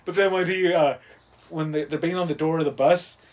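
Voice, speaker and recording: A man co-hosting a podcast, chatting casually and excitedly about a movie, swearing often and acting out the scenes. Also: fairly high pitch, fairly quick. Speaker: podcast co-host.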